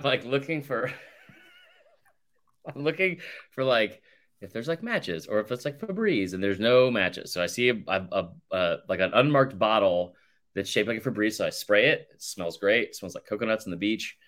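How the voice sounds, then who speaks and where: A male podcast co-host tells a rambling, sarcastic story in casual chat, saying "like" constantly. His voice is mid-range and a bit bright.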